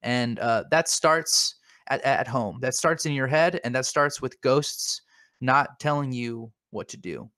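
A man's voice: medium pitch, lively intonation, measured pace, sharp tone, no echo. Guy cohosting a goofy podcast, rambly and fake-serious, stumbles over words, dry close sound. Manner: rambling, mock-earnest, repeats words. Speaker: podcast co-host. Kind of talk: comedic podcast banter.

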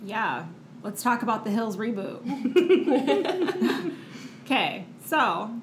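A woman co-hosting a podcast in casual chat, animated and quick to laugh, peppering her talk with "like.". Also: fairly high pitch. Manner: chatty, animated, laughs often, says "like" a lot. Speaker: podcast co-host. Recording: echoey room with faint noise.

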